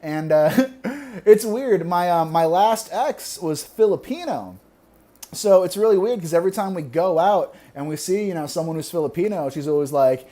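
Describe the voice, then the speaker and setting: A young man performing a stand-up comedy set, delivering deadpan one-liners and laughing at his own jokes. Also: high voice, moderate pace.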